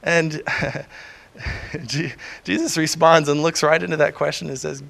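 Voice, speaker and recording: Man, middle-aged, preaching a sermon, raised pitch, rough gravelly texture, casual and chuckling. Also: steady tone, a little slow, a bit bright. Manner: conversational, chuckles often, acts out quoted voices.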